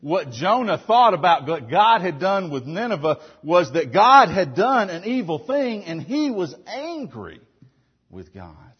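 A man's voice: high voice, unhurried, husky, long reverb tail, lo-fi sound. A man preaching a sermon as a pastor, asking the congregation frequent questions. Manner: asks the congregation frequent questions, with animated emphasis.

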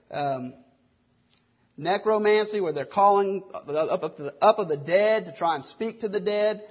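A man's voice: high-pitched, lo-fi sound. A man preaching a sermon, earnest and driven by rhetorical questions. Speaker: pastor.

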